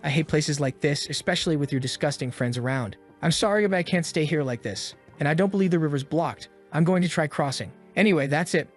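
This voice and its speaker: A woman's voice: sits low, a little fast, few pauses, faint music behind, natural voice. A man voicing a proud young woman student who is cornered and scared, in a recap story. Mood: curt.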